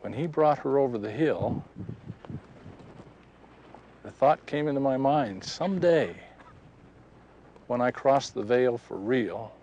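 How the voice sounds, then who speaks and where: A man's voice: mid-range voice, lively intonation, slow pace, long pauses, a little mellow, rough recording. Guy telling a story outside, folksy, wind on the mic, faint noise behind. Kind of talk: personal testimony told outdoors.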